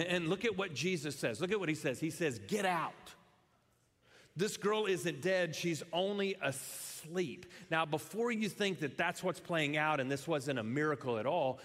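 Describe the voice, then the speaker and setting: A middle-aged man preaching a sermon as pastor, in a lively, conversational way with frequent restarts. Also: fairly high pitch, big-room sound.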